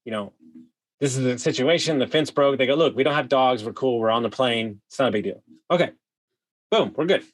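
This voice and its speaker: A man telling a wild story as a podcast guest, animated, swearing freely and full of "like" fillers. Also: medium pitch, a little fast. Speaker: guest, vacation rental host. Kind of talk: casual storytelling.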